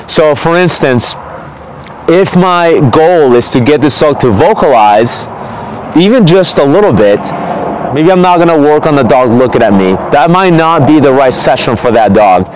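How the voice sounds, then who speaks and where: A man's voice: fairly high pitch, slight background noise, rough recording. Casual man explaining dog training outdoors. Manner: relaxed, conversational, frequent "okay?" check-ins. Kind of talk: casual instructional talk.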